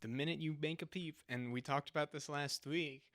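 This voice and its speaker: A man's voice: on the high side, steady tone, fairly quick, fairly bright tone. A man co-hosting a podcast, making argumentative, sarcastic points in casual chat. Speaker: podcast co-host.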